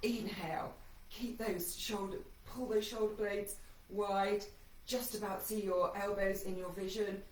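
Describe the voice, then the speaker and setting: Working through the ab routine alongside her class, this instructor gives encouraging cues matched to her breathing. She's a bit breathless and shaky from exertion, speaking slowly at medium pitch with fairly even intonation. The low-quality audio sounds roomy, captured by a distant mic.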